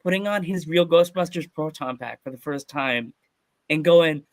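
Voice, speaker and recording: A man from Pennsylvania hosting a casual podcast, telling stories with lots of excitement and frequent laughter. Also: on the high side, moderate pace, no room sound. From Pennsylvania, USA. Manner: excited storytelling, laughs often. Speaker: podcast host.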